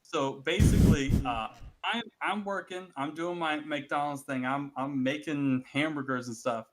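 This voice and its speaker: A man's voice: fairly high pitch, steady tone, a little slow, slight background noise. A man in a casual group chat, telling a long rambling story full of swearing and restarts.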